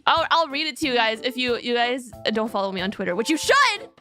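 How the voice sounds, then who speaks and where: Giggly high-voiced young woman streamer. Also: lively intonation, quick pace, fairly bright tone, faint music behind. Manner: rambling, giggly, filler-heavy. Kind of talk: casual chat to stream viewers.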